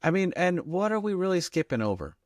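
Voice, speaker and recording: Sardonic man with a lively voice. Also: sits high, a little fast, no room sound, clean studio sound. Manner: sardonic, questioning, swears casually. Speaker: podcast co-host. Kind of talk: casual chat recapping a TV episode.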